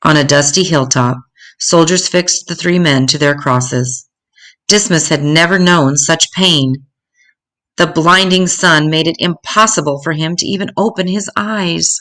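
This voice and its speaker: An older woman reading a story aloud in a gentle, measured way. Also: low voice.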